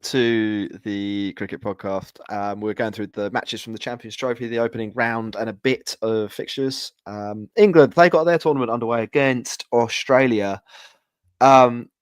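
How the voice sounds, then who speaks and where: A man's voice: on the low side, fairly even intonation, moderate pace, clear, resonant tone, dry recording, studio quality. Joking, laid-back male podcast host. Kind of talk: casual podcast chat.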